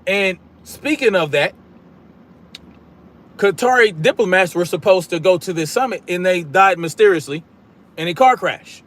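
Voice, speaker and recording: A man hosts a political live stream, combative and blunt, reading chat comments aloud in casual slang and repeating catchphrases as he projects his voice. His pitch is a little higher than most men's and a bit bright. He's expressive, talks at a normal speed, and pauses often.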